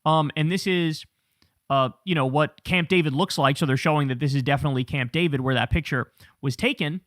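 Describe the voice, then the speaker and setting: A man's voice: a little high, brisk, fairly bright tone, dry recording, clean studio sound. A man hosting political commentary, talking casually in a blunt, profane and incredulous way.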